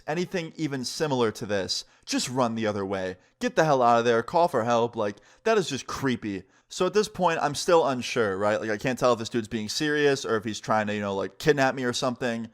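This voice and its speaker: A man at an ordinary pitch telling a personal story to his viewers. His delivery is casual and earnest, loosely built and full of fillers. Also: expressive, fairly quick, few pauses. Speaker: storytime vlogger.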